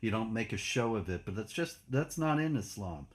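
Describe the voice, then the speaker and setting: A man hosting a casual political discussion, speaking in a measured, matter-of-fact way. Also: fairly low pitch, expressive. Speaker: host.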